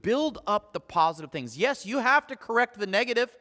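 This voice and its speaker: A man's voice: high-pitched, sing-song, a little fast, hardly any pauses, bright, forceful tone, in a large hall. A man preaching a sermon as pastor, talking conversationally with frequent restarts and acting out his own family conversations. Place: church sanctuary.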